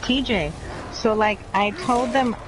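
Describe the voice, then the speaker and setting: A woman's voice: on the high side, takes it slowly. Blunt, swearing woman with a Boston accent. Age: adult, mother of children. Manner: blunt, swears often, rambling. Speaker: chat participant. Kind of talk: casual chat. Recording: noisy home mic with clicks.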